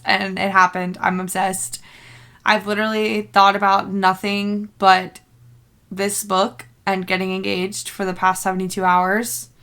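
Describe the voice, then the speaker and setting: Her voice sits at medium pitch, bright and forceful. She's a young book vlogger giving a casual reaction to what she's been reading, rambling cheerfully with plenty of fillers and laughter.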